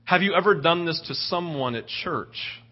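A high-pitched man preaching from the pulpit, telling stories with real animation and bursting into shouts at the big moments. The audio is a little dull and lo-fi. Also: normal speed. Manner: animated storytelling, rising to shouts when excited. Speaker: pastor. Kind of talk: sermon.

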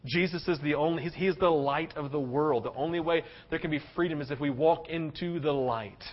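A male pastor preaching a sermon, passionate, swinging between loud urgency and hushed tenderness. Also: on the high side, fairly quick. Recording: dull lo-fi sound.

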